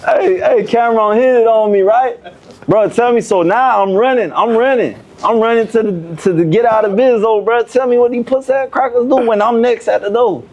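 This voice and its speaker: A man's voice: extremely high pitch, normal speed, a little mellow, highs cut off. A young man guesting on a podcast, telling a prison story in heavy street slang and acting out the other people's lines. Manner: profane street slang, acts out quoted voices. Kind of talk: animated storytelling.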